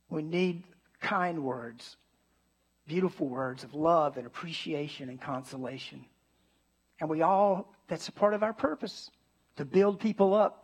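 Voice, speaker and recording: A man with a notably high voice delivers a sermon to his congregation. He swings between emphatic, ringing declarations and quiet, hushed asides, leaning hard on key words. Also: husky. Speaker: pastor.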